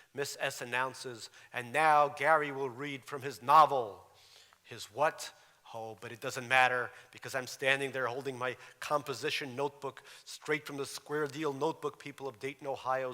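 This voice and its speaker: A man's voice: medium pitch, bright, forceful tone. Wry man reading aloud in a hall. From Russia. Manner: wry, dryly humorous. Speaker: author. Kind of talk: reading aloud from his memoir. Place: lecture hall. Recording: reverberant lecture hall.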